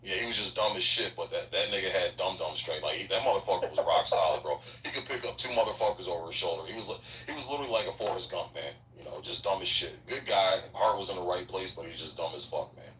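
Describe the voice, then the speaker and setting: Deep-voiced guy telling crude boot camp stories, kinda far from the mic, echoey room. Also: quick pace, hardly any pauses, fairly bright tone, a little hiss or hum. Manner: profane, drawling storyteller. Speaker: former Marine recruit telling stories. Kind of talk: casual podcast chat, crude storytelling.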